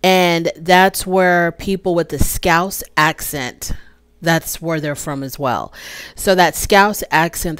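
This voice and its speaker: Low-voiced American woman recapping TV. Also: clean tone, no echo. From United States. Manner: chatty, recounts scenes with quoted lines. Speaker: reality TV recap host. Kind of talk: casual solo recap.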